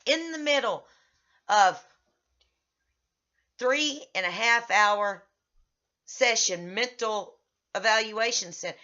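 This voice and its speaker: A middle-aged woman vlogging about a therapy session, agitated and venting, her voice rising in loud bursts. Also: a little high. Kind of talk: personal vlog recounting. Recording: slightly dull lo-fi audio.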